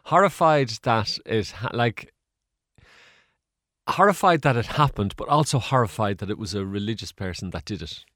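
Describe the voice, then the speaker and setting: A man's voice: on the low side, animated, normal speed, a bit bright, dry recording, clean studio sound. An Irish man, a guest in an interview, telling stories in a chatty, rambling way with fillers and laughs. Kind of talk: casual storytelling interview.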